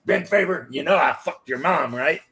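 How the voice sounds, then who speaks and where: A man doing a gruff old swearing fire chief. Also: on the high side, normal speed, exaggerated voice. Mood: taunting. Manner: loud, cursing, blustering.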